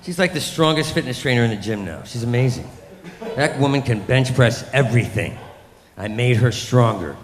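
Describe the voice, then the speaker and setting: A man in his fifties doing a rambling, self-deprecating stand-up comedy set, now and then jumping into loud mock voices. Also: mid-range voice, expressive, moderate pace, crowd noise. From New York. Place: comedy club stage. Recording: echoey club room with long reverb.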